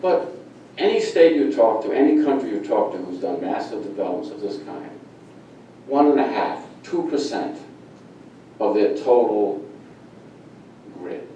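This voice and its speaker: A man's voice: fairly low pitch, animated, a little slow, long pauses, dark tone, lo-fi sound, a little hiss or hum. A middle-aged man speaking during public comment at a town meeting, angry and emphatic, repeating his points. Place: town hall meeting room. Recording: echoey meeting room from far off.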